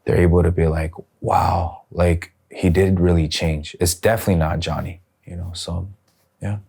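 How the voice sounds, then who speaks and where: Middle-aged man, very low voice, soft-spoken, reflective storyteller, prison minister in an interview. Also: steady tone, moderate pace, vocal fry, breathy edge. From Los Angeles. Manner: soft-spoken, reflective, retells scenes with quoted dialogue.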